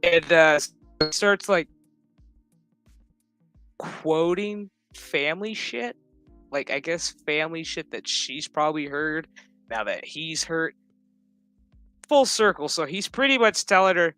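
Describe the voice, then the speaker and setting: A man's voice: fairly high pitch, lively intonation, bright, forceful tone, smooth, dry recording, soft background music. Profane man mocking a show. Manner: profane, mocking, quick voice impressions of characters. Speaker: show recap commentator. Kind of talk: crude comedic episode recap.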